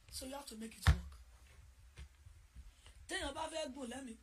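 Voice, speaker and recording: A woman preaching and praying fervently, swinging between loud chanted prayer and quick, conversational exhortation to her congregation. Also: high voice, a little hiss or hum. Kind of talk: sermon with prayer.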